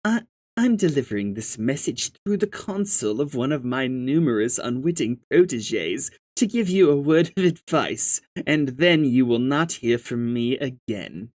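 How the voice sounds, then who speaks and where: A reader voicing a mysterious, ominous male stranger who speaks slowly and cryptically. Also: big pitch swings, darkish tone, no room sound, studio quality. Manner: slow, low and cryptic.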